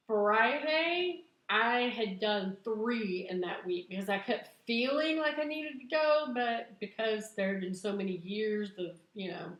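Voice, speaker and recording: A woman, chatting excitedly to camera in a vlog and laughing at herself. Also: medium pitch. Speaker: vlogger. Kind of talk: casual chat to camera. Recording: echoey room.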